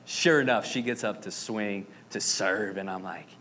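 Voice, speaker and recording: A man in his thirties from Arizona, preaching a sermon as pastor with animated, dramatic storytelling and playful asides. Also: on the low side, moderate pace. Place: church sanctuary. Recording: reverberant hall with faint noise.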